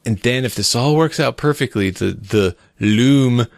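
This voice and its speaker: Gravelly, animated podcast guy. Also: unhurried, dry recording, clean studio sound. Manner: enthusiastic, exaggerates with animated jumps in pitch. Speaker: podcast co-host. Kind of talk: casual chat.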